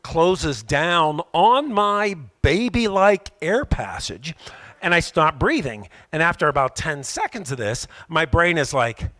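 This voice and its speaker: A man doing a rambling, self-mocking stand-up comedy set on a club stage, often slipping into loud put-on voices. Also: fairly high pitch, big pitch swings, slow pace.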